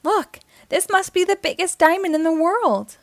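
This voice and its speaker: A woman's voice: high voice, moderate pace, no room sound, heavily acted. Uniqua, a woman doing a bold cartoon girl agent. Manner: calm, take-charge. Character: brave, level-headed young female cartoon agent. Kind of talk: children's read-aloud.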